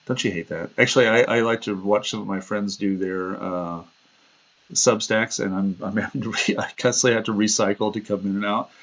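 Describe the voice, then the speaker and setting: A man with a fairly low voice hosts a casual livestream, rambling from anecdote to anecdote. He laughs at himself and slips into quoted voices as he tells stories. The sound is dull and lo-fi, like compressed stream audio. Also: steady tone, a little fast, fairly bright tone. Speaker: livestream host.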